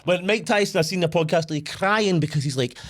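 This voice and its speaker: A man co-hosting a loose podcast, ranting with energy and peppering his points with swearing. His voice sits a little high for a man. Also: brisk. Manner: swears freely, animated ranting. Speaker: podcast co-host. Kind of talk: casual chat.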